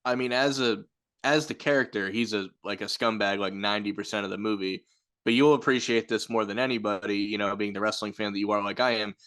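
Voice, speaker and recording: A man's voice: lowish voice, steady tone, quick pace, a bit bright. A man co-hosting a casual film discussion, reflective and explaining at length. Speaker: film review podcast co-host. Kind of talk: casual chat.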